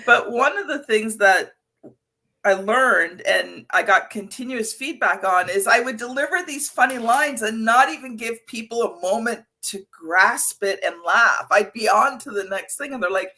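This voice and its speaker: A woman's voice: fairly high pitch, lively intonation, normal speed, sharp tone. A middle-aged woman hosting a podcast interview, chatty and anecdotal with many fillers. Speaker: podcast host. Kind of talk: conversational interview.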